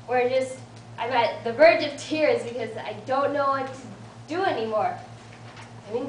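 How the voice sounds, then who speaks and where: A woman's voice: high voice, fairly bright tone. A young woman in her late teens giving an earnest motivational talk to a support group, telling a story with a light touch of humor about herself. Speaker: invited student speaker. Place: meeting room of a support group. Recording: roomy, distant mic with faint room noise.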